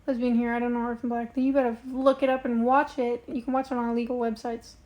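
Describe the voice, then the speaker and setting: A woman's voice: a little high, little pitch movement, fast talker, darkish tone. A young woman chatting casually on a livestream, reading and answering viewer comments in a rambling way with lots of fillers. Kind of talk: casual live-stream chat.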